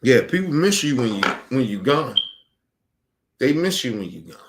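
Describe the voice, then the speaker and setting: A man's voice: mid-range voice, very animated, normal speed, slight background noise. A man ranting heatedly about his family, angry, emphatic and full of profanity. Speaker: streamer. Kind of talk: heated personal rant.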